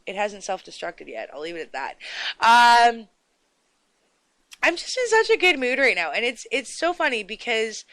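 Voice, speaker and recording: Chatty woman radio host rambling on, bright crisp voice, dry close mic. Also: a little high, dry recording. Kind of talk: casual radio chat.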